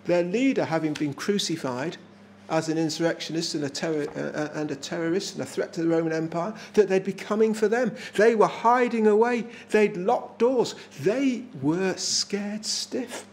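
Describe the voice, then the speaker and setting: High-voiced English preacher, earnest sermon. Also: male voice, brisk, a little mellow, a little hiss or hum. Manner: earnest, emphatic, repeats phrases for effect. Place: small village church.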